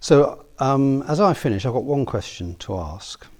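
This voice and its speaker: A man preaching a sermon, earnest and personal, rising to emphatic peaks and dropping to soft, quiet asks. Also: mid-range voice, animated, measured pace.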